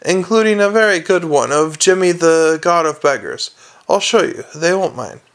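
A man's voice: fairly high pitch, lively intonation, moderate pace, a bit bright. A man reading aloud, voicing an earnest, cheery young male city watchman who chats eagerly and explains everything.

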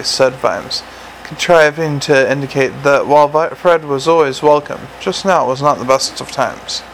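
Gravelly man narrating an audiobook. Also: mid-range voice, moderate pace, a bit bright, a little hiss or hum, poor audio. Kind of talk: scripted narration.

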